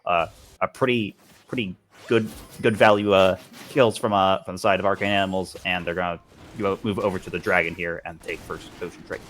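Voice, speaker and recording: A man with a fairly low voice calls an esports match play-by-play. He talks quickly and keeps stumbling over and repeating words as he follows the action. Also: steady tone, a bit bright. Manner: rapid play-by-play with frequent restarts and repeated words. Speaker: esports caster. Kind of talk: play-by-play commentary.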